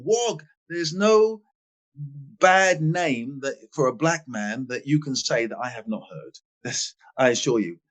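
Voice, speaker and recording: A man in his sixties from England, a guest in a podcast interview, telling stories with emphatic stress and quiet asides. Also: fairly high pitch. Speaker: guest, former footballer. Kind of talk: animated storytelling in a podcast interview.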